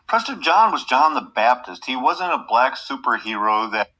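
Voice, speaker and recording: A man heard in a played-back clip, talking in a slow, drawn-out way. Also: medium pitch, pushed and bright, low-quality recording.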